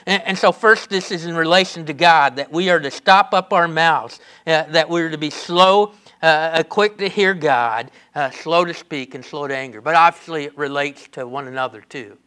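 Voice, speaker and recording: A man's voice: a little high, normal speed, hardly any pauses, pushed and bright. A man preaching a sermon in an earnest, repetitive way, with many restarts and fillers.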